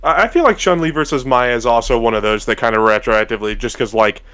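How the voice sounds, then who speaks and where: A man's voice: mid-range voice, quick pace, bright, forceful tone, smooth, no room sound. A man co-hosting a casual podcast chat, laid-back and profane. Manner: laid-back, profane, mock-voices in asides. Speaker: co-host.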